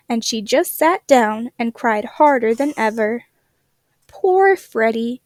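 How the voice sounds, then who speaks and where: A woman reading a children's picture book aloud with gentle, expressive storytelling. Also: fairly high pitch, slow, no echo, studio quality. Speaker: storybook reader.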